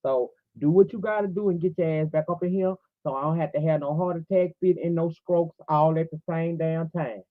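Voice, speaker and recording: A woman's voice: low voice, brisk, hardly any pauses, dry recording. Woman in her forties, preachy livestream host, tinny phone-like sound, dry close audio. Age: 40s. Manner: fervent, preachy, addresses viewers directly.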